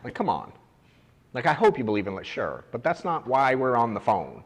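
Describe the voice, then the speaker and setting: A man's voice: mid-range voice, huge pitch swings, normal speed, long reverb tail. A man who runs an agency, coaching his agents in a casual, blunt way with the odd swear word. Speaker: agency owner training agents. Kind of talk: casual coaching talk to a room. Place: office meeting room.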